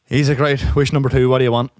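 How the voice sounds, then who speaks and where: A man's voice: mid-range voice, level tone, fast talker, dry recording, studio quality. A hungover man casually telling a long joke with lots of swearing, laughing at his own punchlines. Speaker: podcast co-host.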